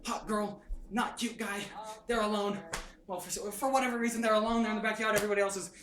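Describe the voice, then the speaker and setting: A man's voice: high voice, steady tone, fast. Young man, hyper, laughing, sound effects, roomy echo, music behind. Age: young adult. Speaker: brother retelling a movie. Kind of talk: excited casual retelling. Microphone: phone held by his sister. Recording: roomy and far from the phone, with music.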